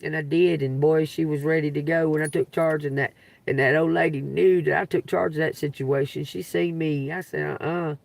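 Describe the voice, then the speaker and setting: A woman streaming live from her phone, telling a story in an animated, emphatic and profane way. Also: sits low, moderate pace, vocal fry, dry recording. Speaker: livestreaming tarot reader. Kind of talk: casual livestream storytelling.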